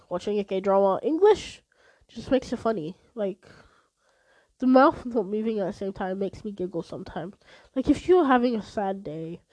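A woman's voice: on the high side, dark tone, no echo, rough recording. A young woman vlogging in a rambling, casual chat while sick, with congested breathing. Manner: chatty, rambling, lots of "like" and "anyway".

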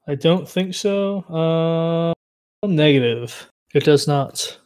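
A man's voice: on the high side, slow pace, a little mellow, smooth. A man playing a tabletop game over an online voice call, casual and thinking aloud. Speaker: player.

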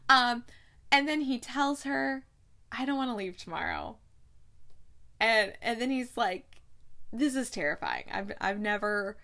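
A woman's voice: fairly high pitch, fairly bright tone. A young woman hosting a casual movie recap, retelling scenes in a chatty, gushing way and laughing often. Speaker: movie review host.

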